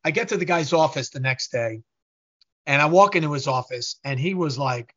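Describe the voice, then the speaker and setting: Man, interview guest, storytelling, animated, bright voice, slightly muffled audio. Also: fairly high pitch, normal speed. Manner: animated, acts out quoted voices. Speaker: interview guest, business owner.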